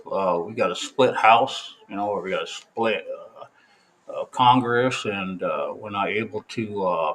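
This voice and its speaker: A man's voice: lowish voice, a bit bright, a little hiss or hum, low-quality recording. Opinionated man rambling on camera. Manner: opinionated, rambling with fillers and restarts. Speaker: vlogger giving an update. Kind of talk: casual opinion monologue.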